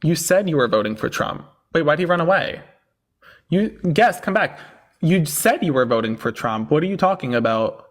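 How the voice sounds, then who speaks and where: A man's voice: on the high side, expressive, moderate pace. A man hosting a livestream debate, talking casually with a sarcastic, incredulous edge.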